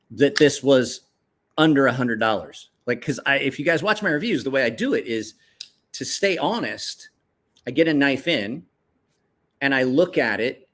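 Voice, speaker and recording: A man casually talking through his favorite gear as a knife reviewer, excitable and swearing freely, rambling with restarts and jumping up in pitch when he quotes his own reactions. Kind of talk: casual show-and-tell chat.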